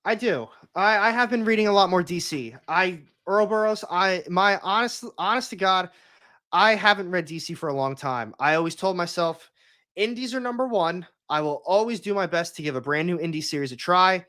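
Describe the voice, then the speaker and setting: A young man chats on his livestream in a slightly higher voice, rambling and opinionated. He keeps restarting his sentences as he talks. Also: normal speed, bright, forceful tone. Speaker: comics YouTuber hosting a livestream. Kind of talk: casual livestream chat.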